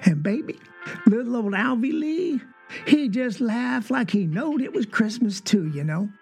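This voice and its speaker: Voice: medium pitch, animated, a little slow, a little mellow, faint music behind. An actor performing a rural Southern child recalling a Christmas memory, in a Southern accent with folksy dialect and drawling asides. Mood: earnest, wondering. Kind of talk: dramatic monologue.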